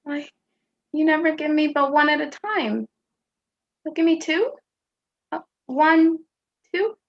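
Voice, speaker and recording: A woman's voice: high voice, slow, vocal fry, highs cut off, full character voice. A woman playing a small, hurt young boy. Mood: wistful. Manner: plaintive, childlike questioning. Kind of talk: stage play performance.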